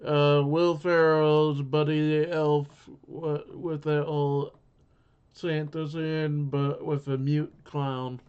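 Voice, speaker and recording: Smooth-voiced man co-hosting a movie chat. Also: on the high side, little pitch movement, slow. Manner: laughs easily, teasing corrections. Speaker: podcast co-host. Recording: lo-fi muffled sound.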